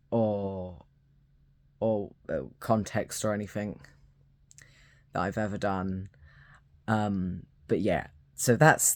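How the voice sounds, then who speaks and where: A young man talking to camera with hesitant, halting speech, full of fillers and restarts. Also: on the low side, no room sound. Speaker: YouTuber. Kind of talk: unscripted talking-to-camera commentary.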